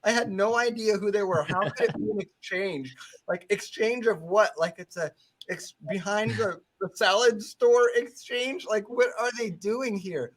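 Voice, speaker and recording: A man co-hosting a podcast, chatting casually in a joking, sarcastic, animated way. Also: high voice, measured pace. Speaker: podcast co-host.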